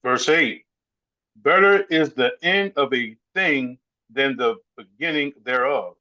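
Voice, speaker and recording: A man reading Bible verses aloud in a measured way during a sermon. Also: mid-range voice, bright, forceful tone. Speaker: scripture reader. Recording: dull lo-fi recording.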